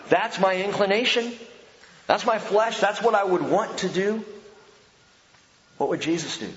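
A man's voice: high-pitched, a little slow, long pauses, fairly bright tone. A man, a pastor and Bible teacher, preaching a sermon in a conversational, emphatic way with rhetorical questions. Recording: echoey hall, dull lo-fi sound.

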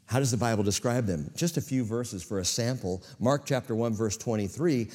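A man's voice: medium pitch, moderate pace, few pauses, a little mellow, long reverb tail. A man preaching a sermon as pastor to a church congregation, with dramatic swings in volume.

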